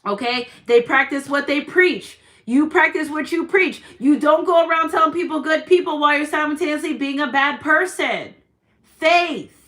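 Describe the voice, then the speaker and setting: A woman's voice: high-pitched, moderate pace, fairly bright tone. A woman doing a tarot reading for her viewers, encouraging them with repeated affirmations and quoting scripture. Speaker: tarot reader. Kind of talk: spiritual reading monologue.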